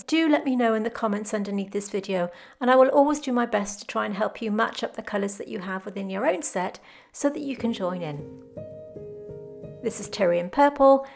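Gravelly-voiced woman teaching painting. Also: medium pitch. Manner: gentle, unhurried instruction. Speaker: botanical art teacher. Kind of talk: calm step-by-step painting tutorial. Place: home studio with glass roof.

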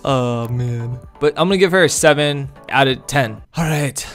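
A young man giving casual, goofy commentary while rating game outfits, rambling and laughing often. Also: mid-range voice. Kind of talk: casual commentary over gameplay. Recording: faint background music.

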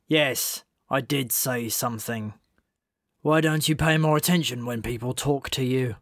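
A sardonic, put-upon talking badger from a storybook, as a male narrator puts him on. He snaps back with bitter sarcasm in a middle-pitched voice, recorded close and dry. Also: measured pace, fairly bright tone, no room sound.

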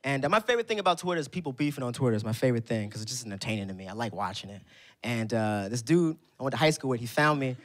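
A man doing stand-up comedy, telling a story in an animated way and laughing through his lines. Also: medium pitch, racing.

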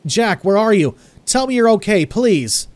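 A man's voice: high-pitched, big pitch swings, a little slow, a little mellow, no echo, pitched above the performer's own voice. A man voicing a panicked young man who calls out frantically for his lost friends, pleading and crying out. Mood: frantic.

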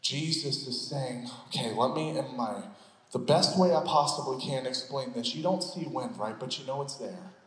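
A man's voice: medium pitch, moderate pace. A male pastor preaching a sermon, joking and acting out scenes in funny voices before going back to teaching. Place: church sanctuary. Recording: echoey hall, long reverb.

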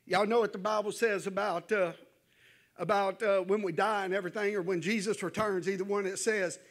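A man preaching, with a voice that sits unusually high for a man. His delivery is folksy and conversational, and it rises into fervent, raised appeals to his church congregation. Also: fairly even intonation, fairly quick, fairly bright tone. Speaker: pastor. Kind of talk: evening sermon to a church congregation.

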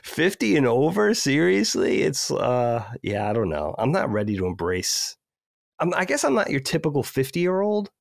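A man's voice: medium pitch, sing-song, moderate pace, no room sound, studio quality. A man in his fifties with a stuffed-up head cold voice, joking about himself as a podcast co-host. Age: 50s. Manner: self-deprecating, joking. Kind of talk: casual podcast chat.

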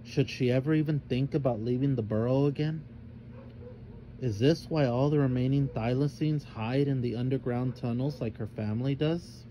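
Storyteller, man, mellow dark tone, faint hiss behind. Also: mid-range voice, moderate pace, rough recording. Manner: expressive, voices each character. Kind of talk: storybook read-aloud narration.

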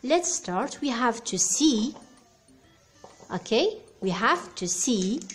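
Slow, patient woman teaching beginners. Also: a little high, sing-song, soft background music. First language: Arabic. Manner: slow, patient, asks "okay?" often, spells words. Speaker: English teacher. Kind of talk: beginner language lesson.

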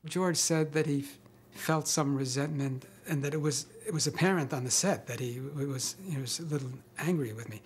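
An older man being interviewed about his acting career, telling wry, self-mocking stories with pauses and chuckles. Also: fairly high pitch, a little hiss or hum. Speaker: interviewee, actor. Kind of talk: relaxed interview storytelling.

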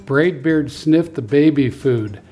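A male preschool teacher reads a children's story aloud with lively expression, his voice a little high and slow. Faint music plays behind him.

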